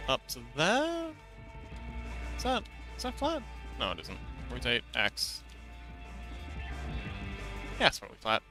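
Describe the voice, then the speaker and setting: A man's voice: mid-range voice, huge pitch swings, takes it slowly, long pauses, low-quality recording. A man from Hong Kong chatting casually with his livestream chat while he models an avatar, with many fillers and restarts. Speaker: VTuber streamer. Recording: dry close mic, faint background music.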